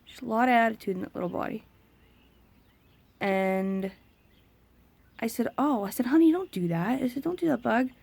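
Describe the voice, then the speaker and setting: A woman's voice: a little high, normal speed, vocal fry, pauses often, darkish tone, no echo. A young woman, talking frankly and with exasperation to camera as a parent in a casual vlog. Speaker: vlogger, autism parent.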